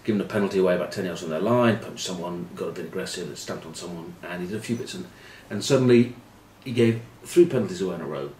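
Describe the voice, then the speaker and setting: A middle-aged man telling rugby stories and giving predictions, wry and self-mocking, often trailing off into quiet asides. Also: low-pitched, quick pace, few pauses. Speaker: rugby pundit. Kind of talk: anecdotal storytelling preview. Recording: echoey room with faint ambient noise.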